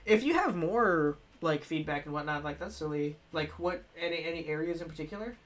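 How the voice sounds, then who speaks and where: A game streamer with a medium-pitched, lively voice talks briskly and casually on a live stream while reviewing games. He rambles, corrects himself, restarts often and laughs a lot. He sounds a little stuffy, as if he's coming down with a cold.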